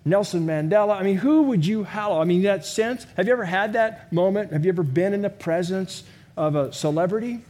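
A man's voice: high-pitched, a little fast, a little mellow. A middle-aged man preaching a sermon in a conversational way, full of rhetorical questions and self-deprecating humor. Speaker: pastor.

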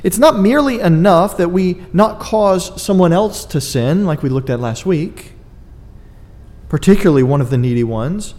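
A man's voice: sits high, dark tone, in a large hall. A man preaching a sermon, earnest and emphatic, with dry asides to his congregation. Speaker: pastor.

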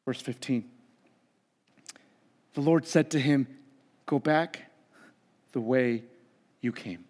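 A pastor preaching a sermon in a conversational, humorous way, acting out the voices of the people in the story. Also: male voice, mid-range voice, slow pace, a little mellow. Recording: long reverb of a large hall.

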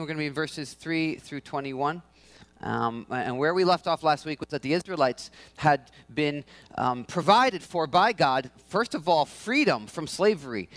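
A man serving as pastor, moving from a quiet prayer into a casual, conversational sermon. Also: on the high side, no echo. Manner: prays softly, then preaches in a conversational, animated way.

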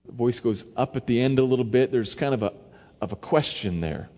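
A man's voice: mid-range voice, fairly quick. Man preaching in a reverberant hall. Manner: conversational, varies loudness for emphasis, acts out quotes. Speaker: pastor. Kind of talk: expository sermon.

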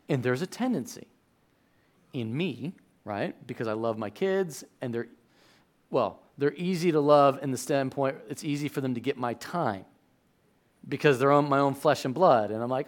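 A man preaching a sermon as a pastor, talking in a casual way, often checking in with the congregation and dropping to a hushed voice in prayer. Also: medium pitch, moderate pace. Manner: conversational preaching, checks in with "okay?"; hushed, soft-spoken in prayer.

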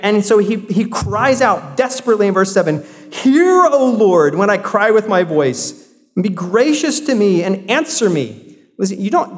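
A man preaching a sermon, talking to the congregation in an earnest, conversational way that circles back through rhetorical questions and restarts. His voice sits a little higher than most men's. The sound carries a long hall reverb, as if from a church sanctuary. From South Carolina. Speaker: pastor.

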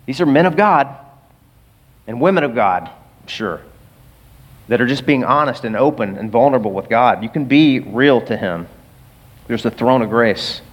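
A man preaching a sermon in a church, conversational and animated, with asides to the congregation. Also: mid-range voice, normal speed, pauses often, in a large hall. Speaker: pastor.

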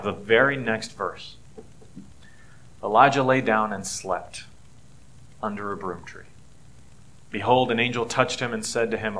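Middle-aged male pastor, conversational sermon delivery, bright and forceful tone. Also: medium pitch. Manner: earnest, conversational preaching with rising emphasis.

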